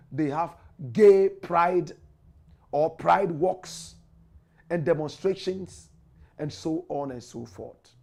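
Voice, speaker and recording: A Ghanaian man with a Ghanaian accent hosts a commentary monologue. He talks in a high, animated voice. He preaches straight at his listeners. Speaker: commentary show host.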